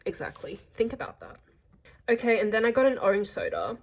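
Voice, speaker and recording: A woman's voice: medium pitch, huge pitch swings, fairly quick. A young Australian woman narrating a casual travel vlog in a chatty, gossipy way with playful slang. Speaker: vlogger.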